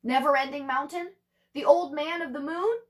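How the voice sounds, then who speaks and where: A woman's voice: high voice, normal speed, voice pushed up, natural voice. A woman voicing a crowd of alarmed village neighbors who exclaim and scold.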